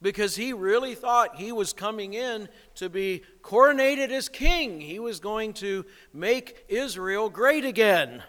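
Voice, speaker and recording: A man's voice: high-pitched, expressive, unhurried, few pauses, a bit bright, long reverb tail. A man preaching a sermon as pastor, asking rhetorical questions and stressing his points.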